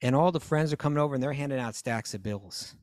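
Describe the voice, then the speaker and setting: A man's voice: mid-range voice, fast, a little mellow, no echo, clean studio sound. A man casually retelling a story on a talk show, acting out the voices and laughs of the characters as he goes. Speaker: podcast co-host.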